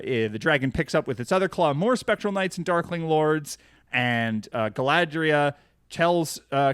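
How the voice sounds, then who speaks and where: A man's voice: on the high side, fairly bright tone, smooth, no room sound, clean studio sound. A man co-hosting a podcast, recapping a cartoon in casual chat, rambling with lots of fillers and restarts. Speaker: podcast co-host.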